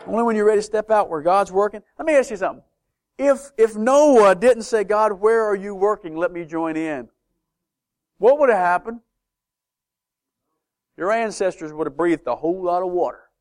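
High-pitched guy preaching in church, asks lots of questions, goes quiet then loud. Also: moderate pace, long pauses. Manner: animated, rhetorical questions, swings from soft to loud. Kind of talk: sermon.

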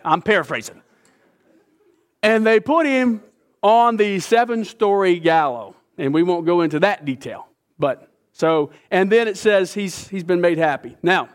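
A man preaching a sermon, retelling a scripture story with lively asides. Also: high-pitched. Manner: animated storytelling, acting out characters. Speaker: pastor.

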